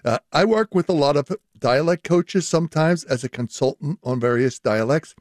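A man's voice: on the high side, moderate pace, no room sound, studio quality. An older man, a linguistics professor, explaining at length in a radio interview and laughing often.

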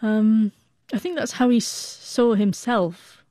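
Female interview guest in her forties; stutters on word starts, warm mellow voice, dry recording. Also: a little high, steady tone, slow pace, dry recording. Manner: heartfelt, reflective. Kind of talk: personal storytelling.

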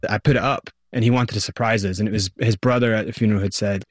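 With a fairly low-pitched voice and a fast pace, a Scottish-accented interview guest recounts his story with energy, performing the quotes of people involved. The studio sound is clean, with no echo.

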